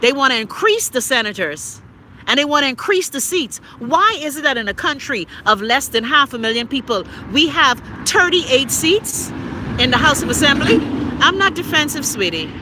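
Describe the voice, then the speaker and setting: A woman's voice: high-pitched, expressive, a little fast, background noise. A woman from the Bahamas with a Bahamian accent, giving blunt, profane political commentary live to her viewers and answering their comments by name. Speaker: live-stream host. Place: outdoors near trees and traffic.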